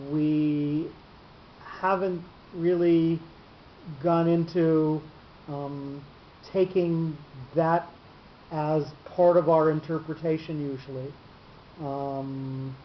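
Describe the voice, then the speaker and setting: A man teaching a class on Torah reading marks. He talks haltingly, with many fillers and repeated words. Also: fairly high pitch. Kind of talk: explaining cantillation marks in a class. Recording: dull echoey room recording with hiss.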